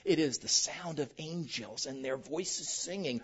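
A woman's voice: low voice, measured pace, breathy edge. A woman pastor preaching a sermon, telling jokey stories straight to the congregation. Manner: animated, joking storytelling addressed to the congregation. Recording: muffled lo-fi recording.

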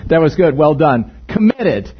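A man's voice: a little high, very animated, unhurried, dull audio, a little hiss or hum. A male pastor giving an interactive sermon in a church, joking and asking the congregation questions. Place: church sanctuary.

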